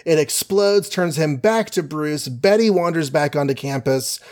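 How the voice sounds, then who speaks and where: A man's voice: fairly high pitch, moderate pace, darkish tone. Man casually recapping comic plots. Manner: playful, summarizes plots with goofy quoted voices. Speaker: podcast co-host.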